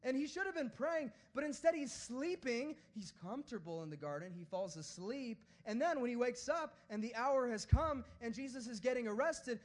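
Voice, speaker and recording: A male preacher with a notably high, light voice delivers his sermon in a casual, animated way. He swings from playful asides to hushed, earnest pleas without ever turning formal.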